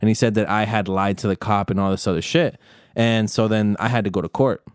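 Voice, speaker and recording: A man's voice: lowish voice, steady tone, smooth, no echo, studio quality. A young man in casual chat with friends, talking bluntly and swearing often. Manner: profane, blunt, quick reactions. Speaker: participant in a group chat.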